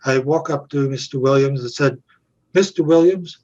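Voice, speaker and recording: An older man, an actor and puppeteer, telling anecdotes as an interview guest, animated and chuckling as he acts out quotes. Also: mid-range voice, fairly quick, highs cut off.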